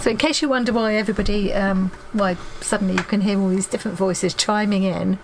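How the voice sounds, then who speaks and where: A woman's voice: mid-range voice, fairly even intonation, fast, slight background noise, poor audio. A woman hosting a casual live craft stream from her home craft room, chatty and giggly, often losing her thread. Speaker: craft livestream host.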